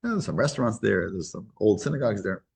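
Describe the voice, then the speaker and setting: A man teaching a weekly class to a small group. He talks in a halting, casual way with many restarts and grows animated when he tells a story. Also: lowish voice, creaky, breathy edge.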